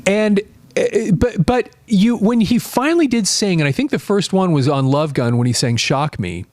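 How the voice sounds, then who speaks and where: Reading viewer comments on his live stream, a man in his late fifties chats in a loose, rambling, animated style. He has a high voice at normal speed, recorded dry.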